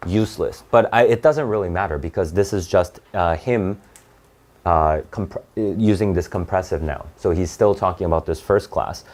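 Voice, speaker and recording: Male tutor, slightly low voice, casual think-aloud lesson. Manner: thinks aloud, restarts, frequent "right?". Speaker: test prep tutor. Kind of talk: online reading lesson.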